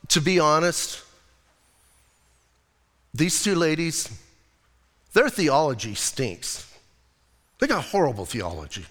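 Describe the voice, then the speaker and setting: A male pastor preaching a lively, conversational sermon and acting out quotes as he goes. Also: on the high side, long reverb tail.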